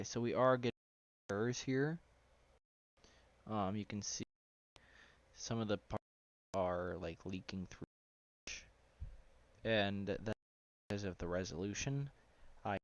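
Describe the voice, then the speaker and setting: A man talking loosely through a live-streamed software tutorial, with lots of fillers and asides. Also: sits low, no room sound. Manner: loose and rambling, with many fillers. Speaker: live streamer teaching 3D simulation. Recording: dull, lo-fi sound.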